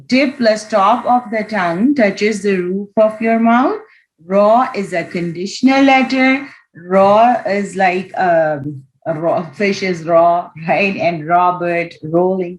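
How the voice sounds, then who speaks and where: A woman's voice: medium pitch, low-quality recording. A woman teaching Quran reading in an online class, patiently demonstrating each letter sound aloud over a video call.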